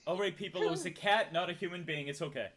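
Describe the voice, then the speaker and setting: A man's voice: a little high, fast, fairly bright tone. A man from Massachusetts with a Massachusetts accent, playfully chatting on a livestream and reading donations aloud. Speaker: livestream co-host. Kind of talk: casual livestream chat.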